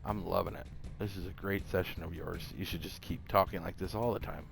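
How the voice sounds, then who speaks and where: A man's voice: sits low, steady tone, a little fast, vocal fry, faint music behind. A man hosting a gaming video, chatting casually and laid-back with his AI companion. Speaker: gamer host. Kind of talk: casual chat while gaming.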